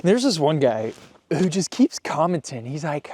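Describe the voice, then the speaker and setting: A man's voice: a little high, sing-song, normal speed, darkish tone. A man vlogging casually outside in the snow, playful and goofy, talking to his dog and his viewers. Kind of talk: casual vlog chat. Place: snowy yard outdoors.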